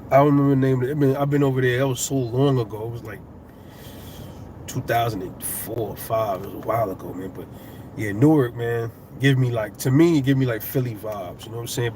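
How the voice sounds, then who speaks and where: A man's voice: mid-range voice, a little fast, darkish tone, a little hiss or hum. A middle-aged man with a New York accent, giving loose, profane boxing commentary on his channel, rambling and getting heated. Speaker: boxing YouTuber. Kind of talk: casual fight commentary.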